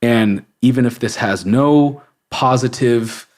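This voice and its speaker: A man's voice: mid-range voice, takes it slowly, a little mellow. A man hosting a podcast in casual conversation, earnest and reflective, with many listening murmurs. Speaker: podcast host.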